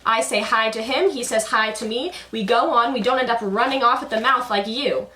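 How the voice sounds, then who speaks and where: Woman doing a blunt, quarrelsome puppet commoner, loud and sarcastic; echoey room. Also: on the high side, fairly quick, far from the mic. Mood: brash. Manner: loud, brash, sardonic. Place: basement.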